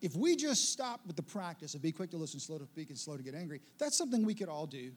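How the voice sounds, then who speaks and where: A man preaching a sermon in an animated way, with playful asides and acted-out quotes. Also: sits high. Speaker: pastor.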